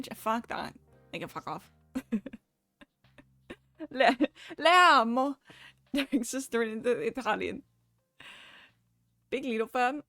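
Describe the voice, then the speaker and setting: A woman's voice: on the high side, no echo. A young woman from the Netherlands with a Dutch accent, chatting casually on a live stream and laughing often.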